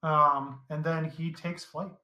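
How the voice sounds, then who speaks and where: A man narrating a tabletop game as dungeon master, easygoing and halting, with many fillers. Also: on the high side, little pitch movement, sharp tone, reverberant, poor audio.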